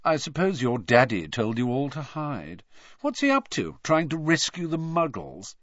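A smug teenage boy wizard who drawls each line lazily, dropping to a soft, cold sneer, as a male narrator puts him on. The sound is dry and a little dull, like a lo-fi audiobook recording. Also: medium pitch, big pitch swings, normal speed, dry recording. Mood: lazy mocking. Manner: drawling, lazy, mocking.

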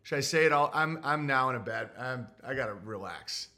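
A man's voice: medium pitch, lively intonation, brisk, vocal fry, bright, forceful tone. A man hosting a solo livestream, reading super chats in a grumpy, sarcastic ranting way.

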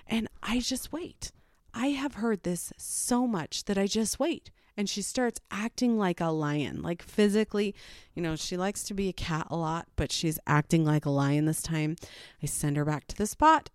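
A woman's voice: on the low side, clear, resonant tone, dry recording. A woman tells the story of her day as a mother of four with wry exasperation. Her voice rises and falls a lot, and the recording is close and dry. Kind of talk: personal storytelling narration.

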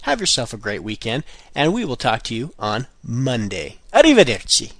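A man hosting a casual podcast lesson, saying each word and its meaning, then repeating it slowly, with jokey asides. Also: mid-range voice, big pitch swings, fairly bright tone. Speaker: language podcast host.

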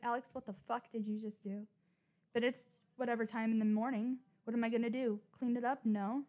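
Blunt, rambling young woman with a bright voice. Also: fairly high pitch. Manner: rambling, blunt, frequent swearing and self-mockery. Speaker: podcast host. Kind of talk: casual confessional monologue.

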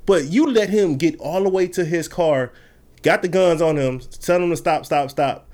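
A man's voice: fairly high pitch, normal speed, darkish tone. A man in a casual discussion who talks bluntly and animatedly, swearing freely.

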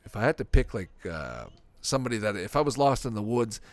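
A man's voice: lowish voice, fairly quick. A man hosting a podcast, chatting casually and rambling, with frequent swearing. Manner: profane, rambling, animated. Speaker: podcast host reviewing a sitcom.

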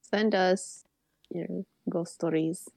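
A woman's voice: fairly low pitch, fairly even intonation, slow, gravelly, a little mellow, no echo, studio quality. A woman co-hosting a podcast in casual chat, playful and laughing. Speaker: podcast co-host.

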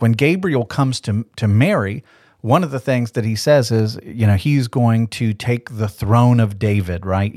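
A man's voice: mid-range voice, darkish tone, no room sound. A man in the middle of his range walks through a Bible passage on a podcast, talking it over conversationally and asking rhetorical questions along the way. The sound is dry and close, with no room around it. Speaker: Bible teacher.

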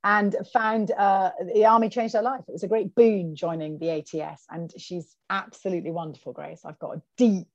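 Lively woman on a dull dry call. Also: mid-range voice, moderate pace, few pauses, dry recording. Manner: animated storyteller, quotes people in their voices. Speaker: author and guest. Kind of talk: podcast interview over video call. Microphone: video call.

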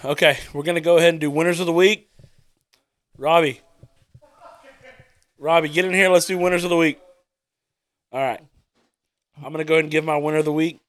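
A man hosting a casual podcast among friends, loud and swearing, often laughing. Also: fairly high pitch, fairly even intonation, fairly quick, long pauses. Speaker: podcast host.

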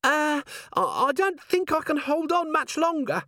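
A man doing a squeaky, nervous young dwarf woman. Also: sing-song, unhurried, a bit bright, dry recording, clean studio sound, heavily acted. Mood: frightened. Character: young female dwarf corporal, timid and polite.

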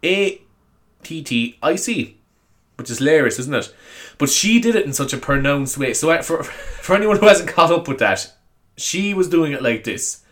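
Animated and fairly bright, this mid-range voice moves at a moderate pace. It belongs to a young Irish-accented podcaster chatting on her own in a meandering way, laughing a lot and being self-deprecating and apologetic.

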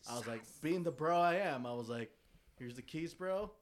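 Young man, a bit high-voiced, laid-back slangy storyteller. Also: lively intonation, normal speed, a little hiss or hum. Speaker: friend in a group chat. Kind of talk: casual chat.

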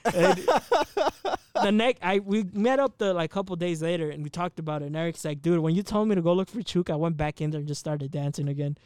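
A man's voice: on the high side, fast talker, hardly any pauses, darkish tone, a little hiss or hum. A man in his twenties telling a rambling, profane story in a casual podcast chat. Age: 20s. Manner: rambling, profane, laughs at himself.

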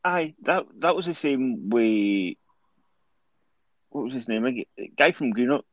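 A man's voice: medium pitch, lively intonation, measured pace, no echo, dull audio. A Scottish man co-hosting a podcast, talking in a loose, rambling, conversational way. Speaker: podcast co-host. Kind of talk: casual chat.

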